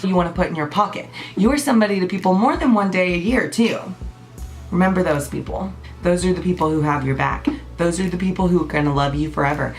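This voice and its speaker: Twenties woman vlogger, lowish voice, ranting bluntly to camera over faint music. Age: 20s. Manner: blunt, passionate, swears freely. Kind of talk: unscripted birthday rant to camera.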